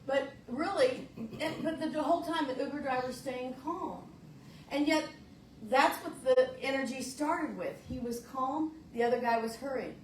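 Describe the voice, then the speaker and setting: A woman minister talks her congregation through a lesson in an easygoing, folksy way, circling back and restarting phrases as she goes. Her voice sits a little high and carries through a roomy church, caught by a microphone some distance away with a faint hum behind it. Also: normal speed. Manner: folksy, searching, repeats words when restarting. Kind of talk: conversational sermon. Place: church sanctuary.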